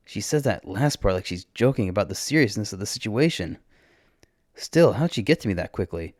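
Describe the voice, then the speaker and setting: Low-voiced man narrating a story, dry close sound. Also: animated, a little fast, a little mellow, dry recording. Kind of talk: first-person audiobook fiction reading.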